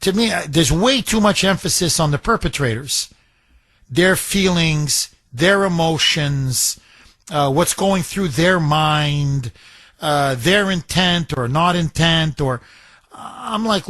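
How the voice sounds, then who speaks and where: A man's voice: a little high, animated, takes it slowly, fairly bright tone, dry recording. A man hosting a call-in talk radio show, giving emphatic, opinionated commentary that wanders off on tangents.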